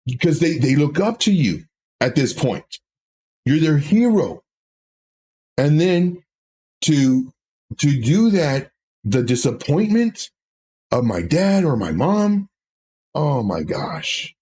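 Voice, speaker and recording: A man's voice: a little high, big pitch swings, takes it slowly, pauses often, dark tone, breathy edge. A man hosting a trading livestream, talking in a rambling, casual way with self-mocking asides. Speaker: trading stream host.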